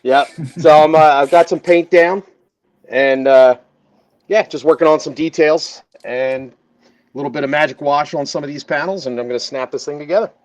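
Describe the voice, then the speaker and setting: A man's voice: on the high side, normal speed. A man on a video call talking easily about his model build in a casual livestream. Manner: easygoing, modest, laughs often.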